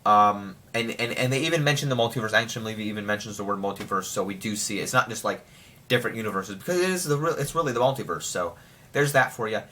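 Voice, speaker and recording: A young man rambling excitedly through a casual spoiler review of a TV show. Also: lowish voice, fast talker, a little hiss or hum.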